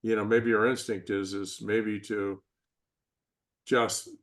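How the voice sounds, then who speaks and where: An older man speaking as a podcast interview guest, reflective and measured, sometimes acting out the voices he describes. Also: lowish voice, level tone, a bit bright. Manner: reflective, measured, acts out inner and parental voices. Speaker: guest, performance psychologist. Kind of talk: conversational interview.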